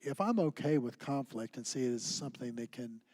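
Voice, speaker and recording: A man co-teaching a church class who shares personal stories in an animated, conversational way. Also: medium pitch, a little fast, no room sound. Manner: anecdotal, animated storyteller.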